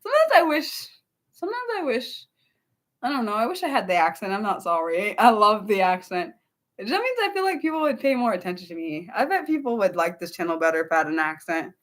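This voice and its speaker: A woman's voice: mid-range voice, sing-song, fast. A young woman hosting an unscripted livestream, rambling and breaking off mid-sentence as she answers her chat. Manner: rambling, self-interrupting, answers chat aloud. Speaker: livestream host.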